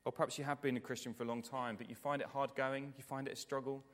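A man preaching a sermon with earnest, repetitive emphasis, moving between raised passages and hushed ones, then leading a prayer. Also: medium pitch, little pitch movement, quick pace. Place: church. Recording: long hall reverb.

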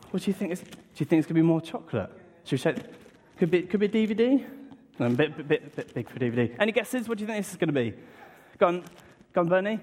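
Animated preacher in a reverberant hall. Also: male voice, high voice, fast. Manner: animated, exaggerated excitement with gasps, talks to children in the audience. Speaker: preacher at a church service. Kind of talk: lively children's talk in church. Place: church hall. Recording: long reverb in a large hall, from a distance.

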